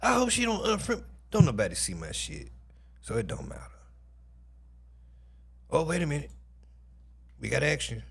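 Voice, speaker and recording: Husky, lively-voiced man. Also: on the high side, normal speed, long pauses. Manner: animated, profane, full of exclamations. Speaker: livestream commentary host. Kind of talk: casual reaction commentary.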